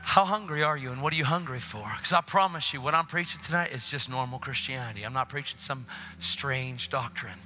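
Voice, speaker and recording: A man preaching an energetic sermon in a church, telling a story and acting out both sides of the conversations, with sudden excited shouts. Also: mid-range voice, fairly quick.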